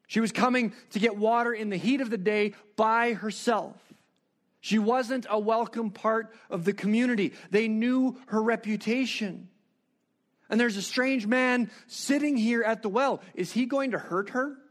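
A preacher delivering a sermon, retelling a story with animated rhetorical questions. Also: male voice, high voice, a little slow.

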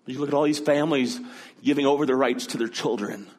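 This middle-aged pastor preaches at a fast clip, his medium-pitched voice carrying a darkish tone. He shares a personal story earnestly and conversationally before turning to scripture.

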